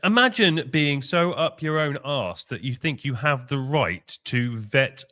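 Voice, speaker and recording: A man co-hosting a podcast, blunt and brisk and a little out of breath. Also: mid-range voice, lively intonation, sharp tone. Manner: blunt, brisk, talks over his co-host. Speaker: podcast co-host. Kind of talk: casual podcast chat.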